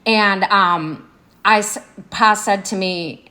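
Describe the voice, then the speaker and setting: A woman's voice: medium pitch, unhurried, bright, forceful tone. Woman, interviewee, conversational account of events, mid-range voice. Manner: conversational, with restarts and quoted speech. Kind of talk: recounting events while watching footage.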